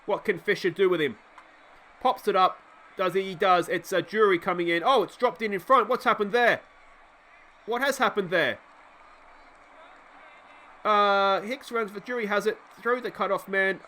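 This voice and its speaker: Excitable high-voiced Australian man commentating. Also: normal speed. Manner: excitable, chatty, often addresses the viewer and himself. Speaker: video game let's play host. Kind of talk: play-by-play commentary of a baseball sim.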